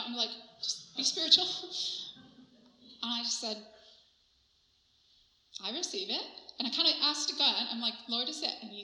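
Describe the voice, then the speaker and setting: Woman preacher, animated storyteller, crisp bright voice. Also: high-pitched. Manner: animated storytelling, laughs often. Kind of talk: sermon testimony. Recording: roomy echo.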